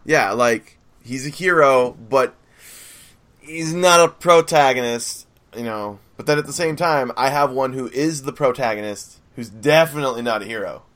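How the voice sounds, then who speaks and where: A young man co-hosting a casual podcast, an excitable storyteller who acts out scenes. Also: mid-range voice, moderate pace. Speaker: podcast co-host.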